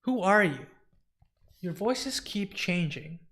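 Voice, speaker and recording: Guy reading a blunt 21-year-old girl, wary, plain talking, slightly high. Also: lively intonation, slow, a bit bright, full character voice. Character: young woman, twenty-one, blunt and wary.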